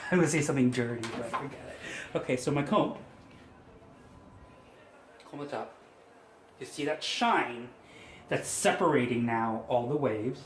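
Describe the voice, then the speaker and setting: Speaking a little slowly and pausing often, a medium-pitched hairstylist coaxes viewers through each step of a styling tutorial, chatting and joking at his own expense. There's slight background noise in an echoey room with faint ambience.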